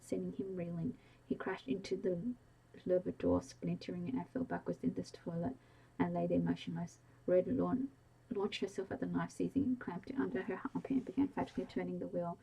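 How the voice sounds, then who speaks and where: A woman whispering a bedtime story in a soft, hushed and even way, in a whispered role-play style. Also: lowish voice, gravelly, slight background noise, rough recording. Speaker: audiobook reader.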